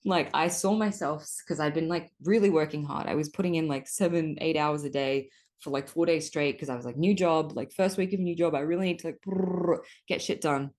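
Low-voiced woman hosting a casual podcast. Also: fairly quick. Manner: animated, swears often, spiritual language. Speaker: podcast host. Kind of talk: casual solo podcast monologue.

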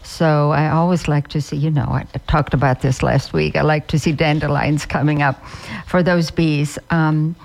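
A woman's voice: deep voice, steady tone, normal speed, vocal fry, a little mellow. A woman who is a master gardener, chatting casually as a radio guest and often repeating and restarting words.

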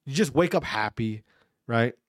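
A man's voice: medium pitch, lively intonation, normal speed. A man in his thirties from Wisconsin, hosting a podcast and ranting casually with profanity, his voice congested from allergies. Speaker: podcast host. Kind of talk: casual solo rant.

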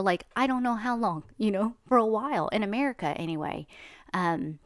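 A woman's voice: mid-range voice, animated, a little fast, no echo, studio quality. A woman talking in a chatty, rambling, indignant monologue. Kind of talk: casual monologue.

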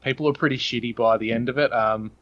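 A man's voice: mid-range voice, steady tone, fast, muffled recording. A man with an Australian accent, a podcast guest talking in long, earnest, opinionated runs. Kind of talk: casual podcast chat.

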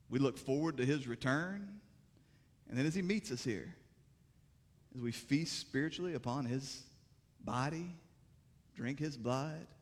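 A pastor preaching a sermon, moving from calm teaching to impassioned, rising delivery. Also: male voice, medium pitch, big-room sound.

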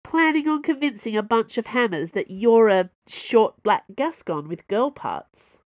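A woman's voice: a little high, lively intonation, a little slow, no echo, dull audio, pitched above the performer's own voice. Woman voicing a skeptical woman musketeer. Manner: dry, skeptical.

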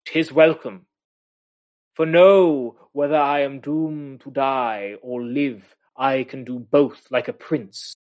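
A man reading aloud the lines of a defiant noble duchess in a measured, slightly raised declaiming voice. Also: medium pitch, fairly even intonation, darkish tone, close to an everyday voice.

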